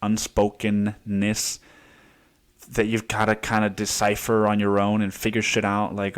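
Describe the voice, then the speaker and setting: A man's voice: fairly low pitch, steady tone, moderate pace. A young man hosting a solo podcast, telling stories in a rambling, profane way with many restarts. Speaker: podcast host. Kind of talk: casual solo monologue.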